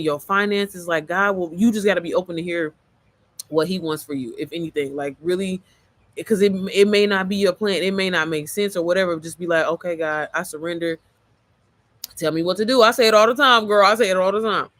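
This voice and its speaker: Woman, raspy-tired voice, casual motivational livestream, rambling and profane, dry close sound. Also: fairly low pitch, a bit bright, no echo. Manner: rambling, easily sidetracked, profane and chatty. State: voice worn, a bit hoarse. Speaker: mom entrepreneur livestreamer.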